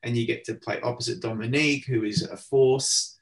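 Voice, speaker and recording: A man's voice: mid-range voice, fairly even intonation, brisk. A man hosts a casual interview over a remote call. He talks in a chatty, eager way, piling on praise before he asks his questions. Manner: chatty, enthusiastic, full of praise. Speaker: interviewer, entertainment editor.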